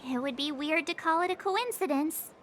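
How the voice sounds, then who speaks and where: An actress voicing a lively young woman companion in a game, speaking in a bright, expressive way. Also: sits high, normal speed, soft background music, natural voice.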